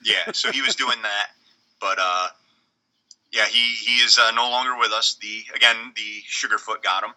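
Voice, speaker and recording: Podcast co-host, middle-aged man, very bright tone, blunt and rambly. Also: fairly low pitch, steady tone, poor audio. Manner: rambling, blunt, halting restarts. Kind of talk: casual chat.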